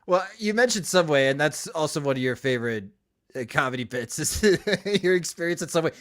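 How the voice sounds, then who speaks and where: A male podcast host with a fairly high voice that rises and falls a lot as he talks. He chats casually, asking friendly questions and laughing easily at his guest's stories. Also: animated, fairly quick, a bit bright. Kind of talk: casual chat.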